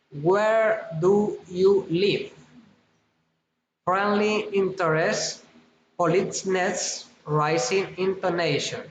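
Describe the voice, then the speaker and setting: A man who is a native Spanish speaker, with a Spanish accent, reading out English intonation practice sentences slowly and carefully. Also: high-pitched, a bit bright, echoey room, a little hiss or hum, poor audio. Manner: slow, careful, deliberate phrasing. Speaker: English learner.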